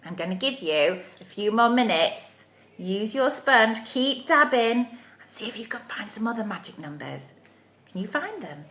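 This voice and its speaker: A woman's voice: a little high, sing-song, moderate pace, a bit bright, echoey room. A woman leading a live craft playalong for young children, encouraging and sing-song. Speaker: children's activity leader. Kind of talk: live interactive kids' playalong. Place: home room, livestream.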